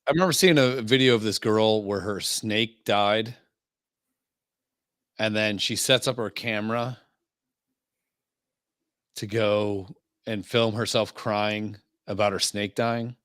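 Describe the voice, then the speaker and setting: A man co-hosts a casual podcast in a blunt, crude, opinionated way. His voice sits fairly low, and the recording is dry and close with no room sound. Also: fairly even intonation, slow pace, long pauses, a bit bright, dry recording. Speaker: podcast co-host.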